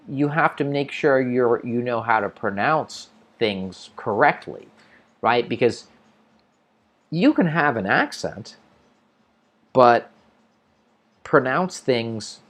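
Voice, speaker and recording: A man's voice: medium pitch, lively intonation, slow, long pauses, a bit bright. An American man hosting an English-learning livestream, casually answering viewer comments and thinking aloud with restarts. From United States.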